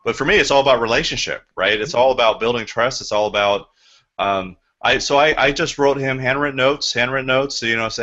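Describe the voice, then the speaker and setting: A man recounts a sales call to a training group, acting out both sides of the phone call with lively energy. His voice is bright and forward. The sound is somewhat dull and lo-fi. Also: mid-range voice, fairly quick. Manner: animated storyteller, acts out phone calls. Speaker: real estate agent. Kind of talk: telling a sales story in training.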